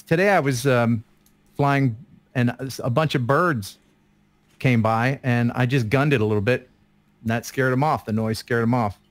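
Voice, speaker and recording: A man in his fifties co-hosting a live stream, chatty and self-deprecating, often trailing off and laughing. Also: medium pitch. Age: 50s. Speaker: guest co-host. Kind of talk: casual live-stream chat.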